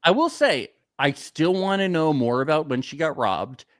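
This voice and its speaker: A man's voice: fairly high pitch, expressive, normal speed, no room sound, studio quality. A young man hosting a podcast, chatting casually and sarcastically about a reality show, laughing often. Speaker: podcast host. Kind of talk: casual recap chat.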